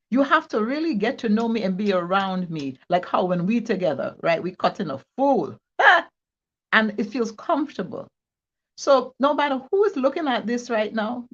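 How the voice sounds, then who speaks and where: A woman talking as a returning guest on an online talk show, in a playful, rambling way with frequent laughs. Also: medium pitch. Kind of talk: casual interview conversation. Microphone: video call. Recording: dull lo-fi video call audio.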